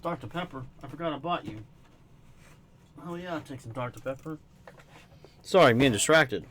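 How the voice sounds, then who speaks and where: A man's voice: medium pitch, animated, a little fast, a bit bright, a little hiss or hum. Tired young man reacting casually. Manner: casual, swears, laughs, easily sidetracked. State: tired after work. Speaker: manga reader and reactor. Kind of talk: casual read-along reaction. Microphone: dry home mic.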